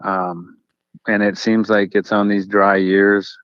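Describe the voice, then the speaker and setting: A man's voice: fairly low pitch, flat delivery, slow, a bit bright, clean tone, no room sound, highs cut off. A man who is a guest on an outdoors radio show, musing in a hesitant, joking way. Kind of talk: casual talk radio chat.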